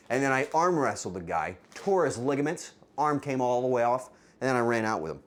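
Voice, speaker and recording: A man's voice: mid-range voice, very animated, a little fast, hardly any pauses. A man hosting a live cooking stream, chatting with viewers in a playful, teasing way. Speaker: streamer, cooking show host.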